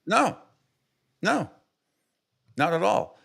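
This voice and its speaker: A man hosting a sports radio show, talking casually and filling pauses. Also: high voice, sing-song, vocal fry, a bit bright, husky. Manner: casual, agreeable, with filler pauses.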